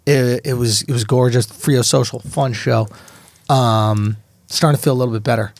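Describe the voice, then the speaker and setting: A man's voice: medium pitch, steady tone, normal speed, creaky, a little mellow, dry recording. A man co-hosting a casual comedy podcast, telling loose, laughing stories full of swearing. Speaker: podcast co-host.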